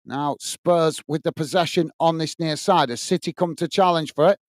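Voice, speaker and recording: In a voice on the high side, a man calls a live match move by move at normal speed, pausing between plays to thank viewers by name. The recording is dry.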